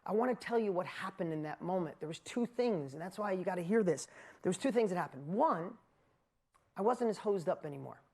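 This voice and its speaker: A man in his fifties from upstate New York, telling his story as a motivational speaker to a live audience. He is animated and emphatic, with self-mocking asides and fast bursts. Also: sits high.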